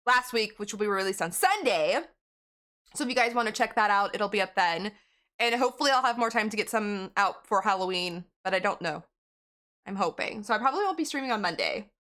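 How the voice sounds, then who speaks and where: A woman's voice: a little high, bright, forceful tone. A woman game streamer in casual live-stream chat, rambling and giggling as she talks to her viewers.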